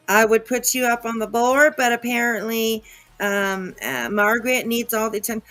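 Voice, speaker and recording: A woman's voice: a little high, moderate pace, fairly bright tone, soft background music. Blunt, indignant woman podcast host. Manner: blunt, indignant, swears freely. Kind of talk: reaction commentary on a played clip.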